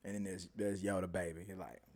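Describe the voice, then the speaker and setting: A man hosting a casual live-stream review, rambling and animated, often trailing off into mumbles. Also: low-pitched, quick pace. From Houston, Texas area. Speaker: show host.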